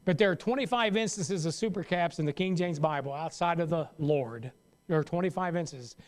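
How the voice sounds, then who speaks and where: High-voiced pastor teaching Sunday school. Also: male voice, a little fast. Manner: loose and conversational, with restarts and asides. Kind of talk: Sunday school Bible lesson.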